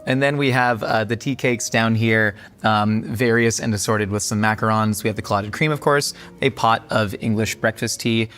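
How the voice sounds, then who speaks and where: A man's voice: on the low side, fairly even intonation, moderate pace, hardly any pauses, fairly bright tone. A man hosting a casual chat over afternoon tea, playful and laughing often. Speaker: host.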